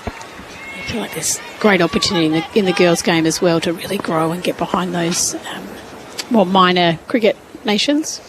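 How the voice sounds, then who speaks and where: A woman's voice: on the low side, normal speed, background noise. Woman giving cricket analysis. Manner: thoughtful, analytical. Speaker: cricket expert commentator. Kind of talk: analytical sports commentary. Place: commentary box at a cricket ground.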